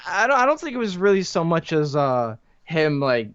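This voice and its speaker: A man's voice: on the high side, very animated, normal speed, fairly bright tone, clear, resonant tone. A man co-hosting a podcast who keeps up dry sarcastic jokes and laughs often. His mic sounds dull and lo-fi. It is dry and close, with no room echo. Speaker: podcast co-host. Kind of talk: casual chat.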